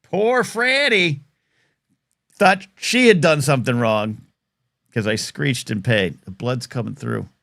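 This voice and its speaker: A man's voice: mid-range voice, sing-song, unhurried, gravelly, a bit bright, no room sound, clean studio sound. A man in his fifties hosting a live talk show, rambling and jokey with bursts of mock outrage. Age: 50s.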